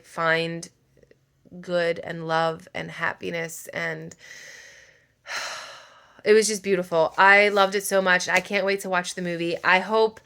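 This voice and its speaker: A woman's voice: mid-range voice, fairly bright tone, clean tone. A woman, a mother, chatting casually about a book while doing her makeup, emotional and rambling, full of filler words. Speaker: book vlogger.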